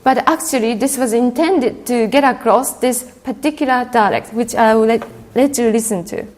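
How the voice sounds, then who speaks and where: A woman delivering a conference keynote in a hall. She speaks in a halting way, filling pauses with frequent ums and uhs. Her voice sits a little high. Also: a little mellow.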